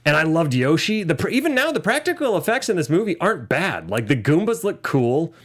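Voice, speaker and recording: A man's voice: fairly high pitch, brisk. A man in his thirties co-hosting a casual movie podcast, laughing often and slipping into joke voices. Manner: lively, laughs often, slips into mock voices. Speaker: podcast co-host.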